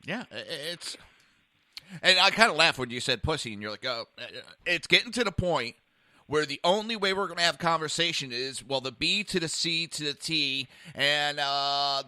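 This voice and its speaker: A man's voice: on the high side, sharp tone, smooth, no echo. A man hosting a political talk radio show, blunt and profane, often stumbling and restarting his sentences.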